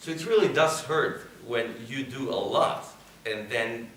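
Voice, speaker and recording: A man's voice: mid-range voice, a little slow, fairly bright tone. Man speaking in an echoey hall. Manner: earnest, self-correcting, laughs easily. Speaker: film teacher and director. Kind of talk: public Q&A after a screening. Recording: echoey hall, mic from far off.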